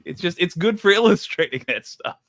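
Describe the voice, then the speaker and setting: Male co-host, animated rambler, dry studio sound. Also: sits high, a little fast, no room sound. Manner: animated, rambling with many fillers. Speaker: podcast co-host. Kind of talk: casual chat.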